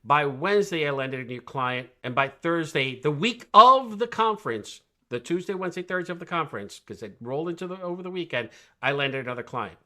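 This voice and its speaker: A man talking as a guest coach on a podcast, energetic and emphatic, asking rhetorical questions and often tagging "right?" onto his points. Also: on the high side, fairly quick. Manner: rhetorical questions, animated storytelling. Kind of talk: podcast conversation.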